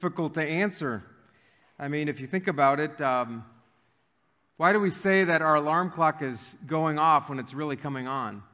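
A man's voice: on the high side, normal speed, pushed and bright. A man preaching a sermon as pastor, joking and conversational with frequent fillers. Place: church sanctuary. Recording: reverberant church hall.

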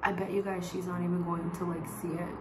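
A woman's voice: lowish voice, level tone, fast talker, roomy sound, background noise. A woman vlogging at home in casual, rambling chat, with a lot of "like" between her words. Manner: rambling, chatty, heavy use of "like". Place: home bedroom.

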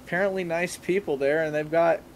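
A young man with a fairly high voice chats as a podcast guest, rambling through travel stories with plenty of "like" and "uh". His talk is loose and casual, with faint background noise in the recording. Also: fairly even intonation, a little fast. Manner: rambling, filler-heavy storytelling. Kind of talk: casual chat.

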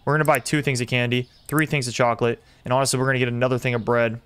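A young man streaming a simulator game, commenting excitedly and talking to his chat as he plays. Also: mid-range voice, very fast, clear, resonant tone. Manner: excitable, talks to chat while playing. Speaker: gaming streamer. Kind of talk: live gameplay commentary.

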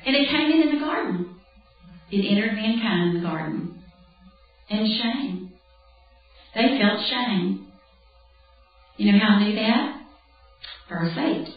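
A woman speaker teaching a conversational, animated sermon, often acting out bits of dialogue. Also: a little high, takes it slowly, pauses often. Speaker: Bible camp speaker. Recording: distant, roomy, dull lo-fi hall recording with faint music.

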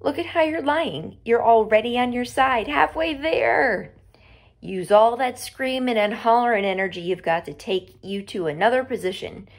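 A woman's voice: on the high side, animated, normal speed, voice pushed up. A woman voicing a blunt, firm middle-aged neighbor in a story read-aloud.

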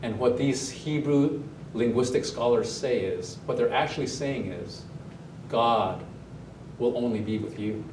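Pastor, male, mid-pitched, lively sermon delivery, recorded from a distance in a reverberant sanctuary with a faint hum. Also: measured pace. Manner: animated, asks the congregation questions. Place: church sanctuary, also streamed online. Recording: roomy echo, mic at a distance.

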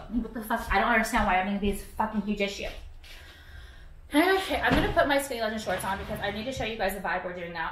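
A woman's voice: high voice, animated, fast, bright, forceful tone. A young woman talking straight to camera in a casual vlog rant, swearing often and saying "like" constantly. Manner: profane, filler-heavy, sarcastic. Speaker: vlogger. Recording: echoey room.

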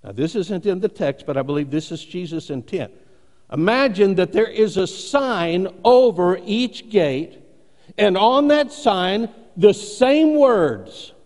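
A pastor delivers his sermon with earnest emphasis and measured pauses. His voice sits high for a man. It carries a long reverb from the church sanctuary where he stands. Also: animated, a little mellow.

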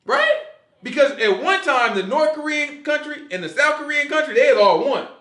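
A man's voice: very high voice, normal speed, roomy sound. A man giving a casual Sabbath Bible teaching, in a loose, slangy way, often asking "you know what I'm saying?" and acting out quoted voices. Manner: animated, acts out quoted voices and laughs along.

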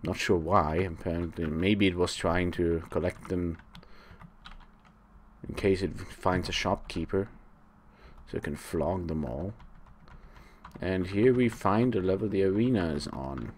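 Let's play host, male, deep and slow-spoken, dry sarcasm, rambles while he plays, faint hiss behind. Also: darkish tone. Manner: sarcastic, talks to the monsters; rambling, thinks aloud. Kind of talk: live gameplay commentary.

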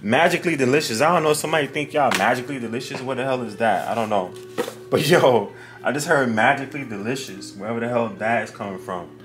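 A man giving a casual tarot card reading to his viewers, talking straight to them in a slangy, animated way. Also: mid-range voice, fast talker, music in the background. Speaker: tarot reader.

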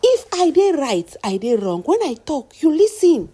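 A woman's voice: high voice, big pitch swings, a little slow, mellow. A woman with a Nigerian accent, retelling celebrity gossip in chatty storytelling, often calling out to her listeners. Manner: chatty, addresses audience as "my people".

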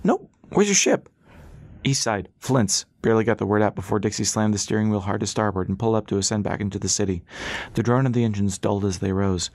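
A man narrating an audiobook in a brisk, steady storytelling manner. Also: fairly low pitch, no echo. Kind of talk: scripted narration.

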